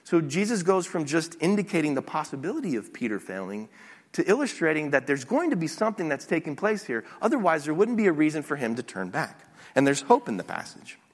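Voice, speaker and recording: A man preaching a sermon as a pastor, teaching lively with occasional restarts. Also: a little high, brisk, long reverb tail. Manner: animated preaching with some restarts.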